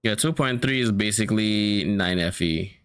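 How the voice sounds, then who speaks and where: A man's voice: on the low side, normal speed, fairly bright tone, clean tone, no room sound, studio quality. A man streaming a game, casually thinking aloud about loot and swearing now and then. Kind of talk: casual gameplay commentary.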